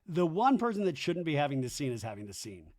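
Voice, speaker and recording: A man hosting a podcast, recapping a TV episode in a gossipy, animated way. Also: a little high, quick pace, dry recording, studio quality. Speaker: podcast host. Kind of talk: comedic TV recap.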